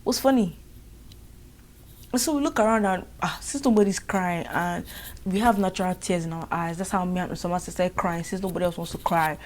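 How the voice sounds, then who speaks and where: A young woman with a Nigerian accent tells a storytime vlog, lively and exasperated. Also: lowish voice, brisk. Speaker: vlogger.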